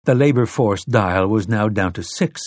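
A man narrating an audiobook with steady, dramatic storytelling. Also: fairly low pitch, moderate pace, no echo, studio quality. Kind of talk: scripted narration.

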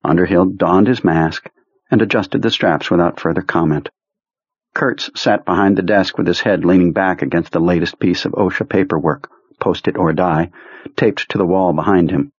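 A man narrates a novel in a measured, even way. His voice is very low and husky. The recording is dry and dull, like lo-fi tape. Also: no room sound. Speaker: audiobook narrator. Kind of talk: scripted narration.

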